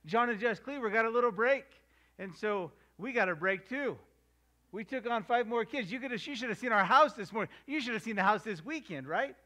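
A middle-aged male pastor preaching a sermon, slowing down to stress the verses he quotes and acting out household scenes in voices. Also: extremely high pitch, expressive, sharp tone.

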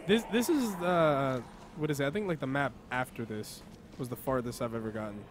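A man's voice: mid-range voice, a little fast. A young man from New York streaming a co-op game, joking and swearing with a friend. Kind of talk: casual gaming chat. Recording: noisy stream audio.

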